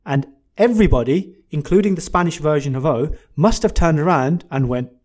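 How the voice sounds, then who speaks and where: A man's voice: fairly high pitch, moderate pace, darkish tone. A man co-hosting a casual car chat, telling stories with mock-dramatic build-ups and plenty of swearing. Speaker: car podcast co-host.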